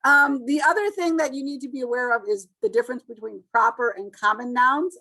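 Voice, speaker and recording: A woman teacher in casual classroom talk, chatty, calling on students and making quick asides. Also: sits high, sharp tone.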